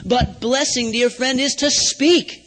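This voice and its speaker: A male preacher with a strikingly high voice delivers a sermon as a step-by-step lesson. He keeps turning to his listeners with questions to check that they follow. His voice rings out in a large hall with a long reverb tail. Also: steady tone, slow, a bit bright. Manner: teaching step by step, asking the audience questions.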